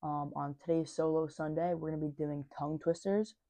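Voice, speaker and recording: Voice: mid-range voice, little pitch movement, a little fast, warm tone, dry recording. A vlog host chatting casually and doing tongue twisters, speech slightly slurred by a dental retainer, stumbling and laughing at the slips.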